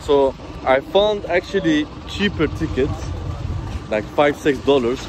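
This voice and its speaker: A man from Sweden chatting casually through a travel vlog, excitable and swearing often, out in the city streets and riding in a minibus. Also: on the high side, slow. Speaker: travel vlogger. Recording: loud street traffic noise.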